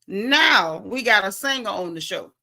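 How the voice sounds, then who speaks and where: A woman's voice: mid-range voice, lively intonation, measured pace, gravelly, sharp tone. Sassy Southern woman dishing gossip. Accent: Southern American. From American South. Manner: sassy, blunt, talks straight to viewers. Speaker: host. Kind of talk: casual gossip commentary.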